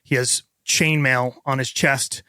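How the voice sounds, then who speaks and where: A man's voice: medium pitch, fairly even intonation, a little slow, pushed and bright, smooth, dry recording. A man narrating a tabletop game as game master, painting vivid scenes with casual fillers.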